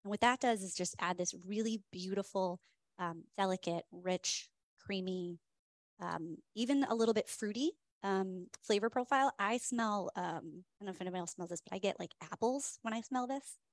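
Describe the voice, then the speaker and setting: A woman's voice: medium pitch, normal speed, no room sound. Chatty woman hosting a whiskey tasting. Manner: chatty, many "um" fillers, enthusiastic. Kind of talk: casual storytelling presentation.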